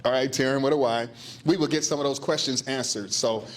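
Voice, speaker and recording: An upbeat man opens a business luncheon as its host, chatty and warm with his guests. His voice sits at an ordinary middle pitch. A faint hum of the room sits under his voice. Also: fairly even intonation, brisk. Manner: upbeat, chatty, repeats words for emphasis. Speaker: business engagement manager, event host. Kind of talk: casual welcoming remarks at a luncheon.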